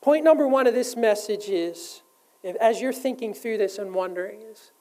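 A woman preaching a sermon, her voice sitting a little high. She speaks earnestly and keeps turning to her listeners with direct questions. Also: moderate pace, mellow, low-quality recording. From United States.

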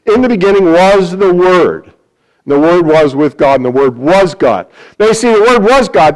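A man's voice: on the high side, low-quality recording. A pastor preaching in a conversational way, often restarting his sentences and acting out the voices he quotes. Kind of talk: sermon-style Bible teaching.

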